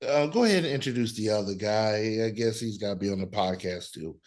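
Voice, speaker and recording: A man's voice: lowish voice, brisk, darkish tone. A man co-hosting a sports podcast, teasing his co-host with reluctant, playful compliments. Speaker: podcast co-host, studio manager. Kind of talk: casual sports podcast chat.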